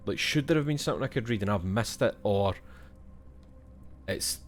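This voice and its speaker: A man's voice: lowish voice, animated, moderate pace, slight background noise. A young Scottish man playing a video game and thinking aloud in casual, swear-filled commentary. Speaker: gaming streamer.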